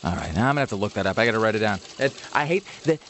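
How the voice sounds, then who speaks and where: A man hosting a radio talk show, joking in quick, wry banter. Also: on the low side, lively intonation, a bit bright, slight background noise. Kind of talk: casual comedic banter.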